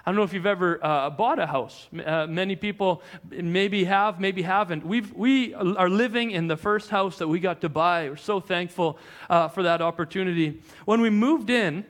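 A young adult man, a pastor, preaching a sermon in a conversational, animated storytelling way with frequent restarts. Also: high voice.

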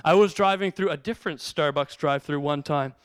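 A middle-aged male pastor giving a sermon with lively storytelling, acting out the people in his stories. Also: a little high, a little fast, clear, resonant tone, dry recording, clean studio sound. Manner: storytelling, acts out quotes in bursts.

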